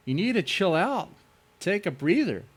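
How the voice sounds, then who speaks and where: A man commenting on a live stream in a sarcastic, mocking way. His pitch rises and falls a lot. He keeps the talk casual and teasing. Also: moderate pace, breathy edge. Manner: sarcastic, mock voices, lively swings in tone. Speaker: stream host reacting to a debate.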